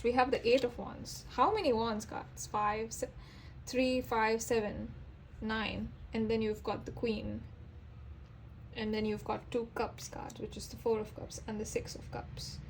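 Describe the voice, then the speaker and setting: A woman giving a casual tarot reading straight to her viewers, chatty and full of fillers, her voice rising as she gets excited. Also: on the high side, slight background noise, low-quality recording. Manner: excitable, voice rises with enthusiasm. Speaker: tarot reader.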